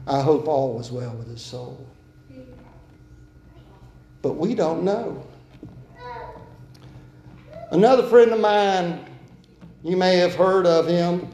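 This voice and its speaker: Male pastor, earnest sermon delivery, loud urging to soft pleading, slightly high voice, roomy church echo. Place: church sanctuary. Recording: echoey church room.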